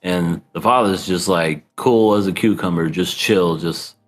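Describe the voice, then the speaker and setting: A man's voice: deep voice, unhurried, faint music behind. A man co-hosting a podcast in casual chat, laughing often and acting out scenes. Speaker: podcast co-host.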